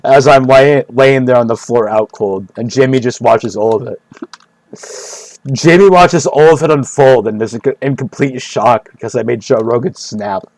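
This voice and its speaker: A man's voice: mid-range voice, a little slow, a little mellow, dry recording. A man streaming and chatting casually, rambling and joking, repeating himself, swearing and breaking into laughs. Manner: profane.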